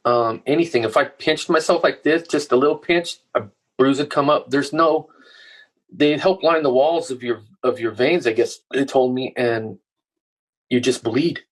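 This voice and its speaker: A middle-aged man telling a story as a podcast guest, animated and full of swearing. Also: medium pitch, normal speed, rough recording. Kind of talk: casual interview chat.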